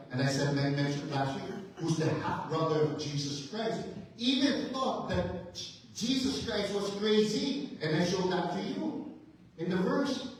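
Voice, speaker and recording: Male pastor, high voice, fervent sermon delivery, recorded from a distance in a very echoey church. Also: a little hiss or hum. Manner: emphatic preaching, rhetorical questions, rising to intense fervor. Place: church sanctuary.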